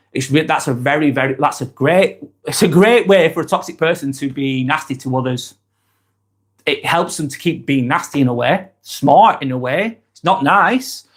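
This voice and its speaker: A man giving casual advice to camera, rambling and often repeating himself or restarting his sentences. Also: a little high. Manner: uses mate in chatty address. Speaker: self-help video host.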